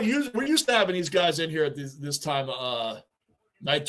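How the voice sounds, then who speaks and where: A man's voice: on the high side, big pitch swings, moderate pace, fairly bright tone. Chatty New man riffing on sports. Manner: talkative, reads and answers chat, repeats himself. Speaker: livestream host. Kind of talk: casual livestream chat.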